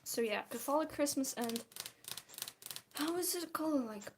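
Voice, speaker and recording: A woman's voice: high voice, lively intonation, normal speed, a little hiss or hum. A tired young woman from Belarus, rambling and giggling as she chats casually while drawing. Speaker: streamer.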